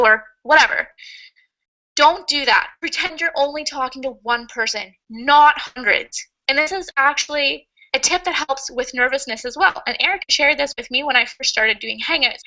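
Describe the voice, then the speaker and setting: Upbeat woman teaching online, chatty, laughs a lot, high bright voice. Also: moderate pace, poor audio. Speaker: online marketing coach. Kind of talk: webinar teaching.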